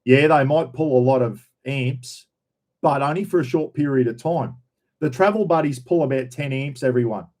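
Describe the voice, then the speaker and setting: A man's voice: fairly high pitch, a little mellow. A middle-aged man with an Australian accent, hosting a casual livestream chat, rambling, repeating himself and greeting viewers. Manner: rambling, repeats himself, says "everyone" and "bloody". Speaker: livestream host. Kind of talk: casual live chat reading viewer names.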